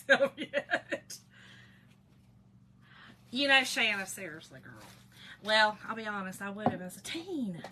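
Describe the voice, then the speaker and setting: A woman's voice: fairly high pitch, sharp tone, husky. A woman hosting a crafting livestream, chatting folksily with viewers and reading out their comments. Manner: chatty, folksy, calls viewers girl and y'all.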